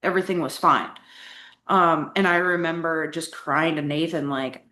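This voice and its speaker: Her voice is deep, bright and forceful, holding a steady tone at normal speed. This young adult woman, a coaching client, tells her personal story candidly in a casual interview full of "like" fillers, recorded in a room with echo.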